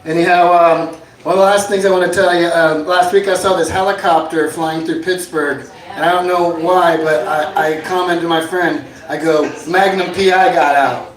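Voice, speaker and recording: A man with a high voice works through a stand-up set of dry one-liners, now and then shouting out a bit. He sounds set back from the mic, and the bar room around him echoes. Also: moderate pace, distant mic. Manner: jokey deadpan one-liners, bursts into shouted bits. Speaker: stand-up comedian. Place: inn bar with live audience.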